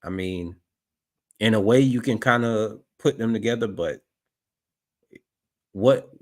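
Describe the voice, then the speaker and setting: A man commenting on footage during a livestream, skeptical and halting, often restarting his sentences. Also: fairly low pitch. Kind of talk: casual commentary over footage.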